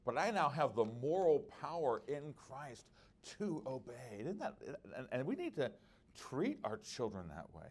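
A man's voice: mid-range voice, wildly swooping pitch, measured pace. A middle-aged man teaching at a conference workshop, earnest and conversational, with frequent restarts and personal stories. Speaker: preacher.

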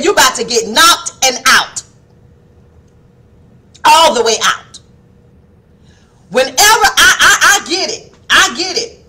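A woman preaching a fiery devotional sermon, calling listeners baby and rising to shouts. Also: very high voice. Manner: acts out soft and stern quoted voices.

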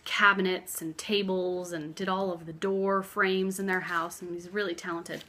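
A woman's voice: on the low side, little pitch movement, normal speed. Brief: young woman, craft vlogger, casual heartfelt chat, phone camera in a living room. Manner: chatty and heartfelt, drifting soft and hushed at times. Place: living room, seated on floor. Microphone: phone camera on a stack of books.

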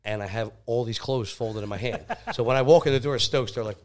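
A fast-talking man with a medium-pitched voice guests on a podcast, telling crude personal stories casually. He's an animated anecdote teller who laughs often and swears frequently.

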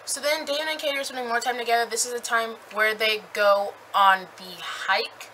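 A young woman recapping a book in a chatty, animated way with lots of fillers. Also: fairly high pitch, a little fast, slight background noise, rough recording. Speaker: book reviewer.

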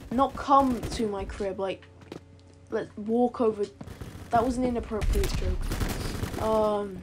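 A woman's voice: fairly high pitch, measured pace. A woman giving casual, rambling gameplay commentary that often corrects itself. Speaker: gaming channel creator. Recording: noisy game audio with gunfire. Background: game gunfire and clicks.

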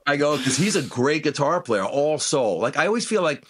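A man's voice: on the high side, moderate pace, breathy edge. A middle-aged man telling road stories in a casual interview, acting out the dialogue in each story. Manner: animated anecdotes, acts out quoted dialogue. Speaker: guest musician.

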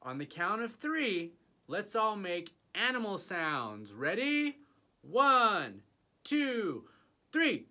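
Casting: male kids' music teacher, slow and playful, bright tone with a lively, swooping pitch. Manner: slow, playful, inviting kids to join in. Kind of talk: early childhood music lesson.

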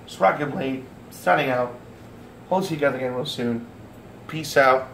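A man's voice: medium pitch, moderate pace, pauses often, fairly bright tone. A man ranting angrily to his viewers, swearing often and stumbling over restarts. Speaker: vlogger. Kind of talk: angry rant to camera. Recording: echoey room with faint noise.

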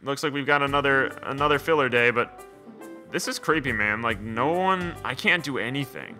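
A young man rambles through casual, jokey commentary as he plays a video game, leaning heavily on "like" and "man." He is a video game let's player with a mid-range voice at normal speed, and music plays in the background.

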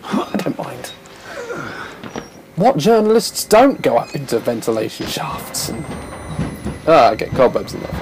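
A man commentating a horror game, his voice leaping about with a lively, animated pitch. He swears freely and laughs nervously, with a gravelly, drawn-out delivery between the outbursts. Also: background noise. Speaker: gamer.

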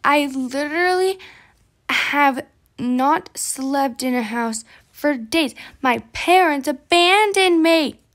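A woman's voice: high-pitched, expressive, slow pace, a bit bright, exaggerated voice. A woman voicing a whiny broke girl in a game role-play skit, pleading for money with dramatic groans.

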